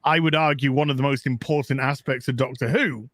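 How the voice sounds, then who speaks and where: A man's voice: medium pitch, steady tone, a little fast, fairly bright tone, dry recording. A man in casual chat as a podcast co-host, frank and opinionated, swearing freely. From England.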